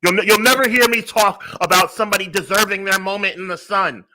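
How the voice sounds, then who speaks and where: A smug, arrogant heel persona, put on by a man who rants in a raised, bright voice. He hammers the same points over and over and sounds pleased with himself. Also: high-pitched, fairly even intonation, fairly quick, voice pushed up, poor audio. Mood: smug ranting. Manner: ranting, self-righteous, repeats himself.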